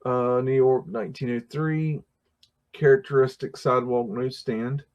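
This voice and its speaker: On a livestream, a man rambles casually through old photographs, full of fillers, restarts and frequent chuckles. His mid-range voice is darkish, a little slow, with fairly even intonation.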